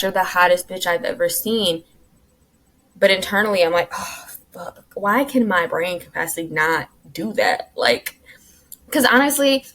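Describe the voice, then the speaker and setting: A young adult woman hosting her own podcast in casual solo chat, blunt and profane, ranting dramatically and dropping into quiet muttered asides. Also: lowish voice, low-quality recording. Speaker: podcast host.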